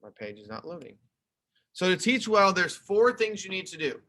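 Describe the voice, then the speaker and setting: Young male teacher, bright and slightly high voice, clear explaining tone for an online class, webcam mic. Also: big pitch swings, moderate pace. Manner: explaining, conversational, talks through slides. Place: home video call. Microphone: computer webcam mic.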